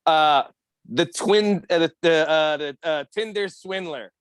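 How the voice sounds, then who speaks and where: Podcast guy, higher voice, animated, acts out the people in his stories, dry close mic. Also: a little slow, smooth, no room sound. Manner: animated storyteller, acts out quotes. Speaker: podcast co-host. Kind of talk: casual profane chat.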